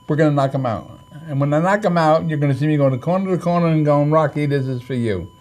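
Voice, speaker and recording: A man's voice: a little high, fast talker, darkish tone. An older man, a boxing trainer and manager, telling long rambling stories in an interview, with many fillers and restarts. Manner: rambling, full of fillers and restarts, acts out quoted lines. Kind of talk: storytelling in an interview.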